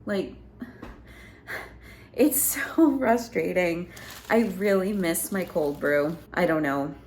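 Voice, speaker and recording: A woman's voice: fairly low pitch, slow pace, darkish tone, a little hiss or hum, poor audio. A woman, a mother chatting casually to her viewers in a home vlog, rambling and talking straight to the camera. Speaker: lifestyle vlogger and mother.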